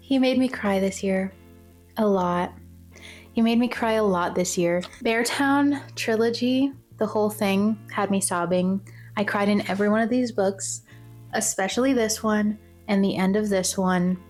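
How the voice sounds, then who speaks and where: A woman's voice: medium pitch, darkish tone. A young woman talking casually as a book vlogger, gushing and repeating herself with lots of fillers. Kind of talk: casual chat.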